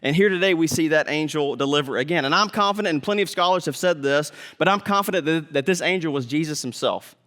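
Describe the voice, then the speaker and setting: Guy pastor preaching, chatty sermon, pretty high voice, echoey church hall. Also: fast, hardly any pauses, fairly bright tone. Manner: conversational preaching, acts out voices.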